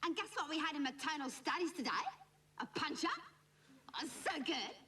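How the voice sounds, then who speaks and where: A woman's voice: high-pitched, expressive, normal speed. A woman with an Australian accent playing a bratty, cheeky teenage schoolgirl who rambles gossipily in a whiny, sing-song, nasal voice and mimics the people she talks about. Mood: whingeing. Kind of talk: comic monologue to camera. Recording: noisy old TV recording from a distant mic.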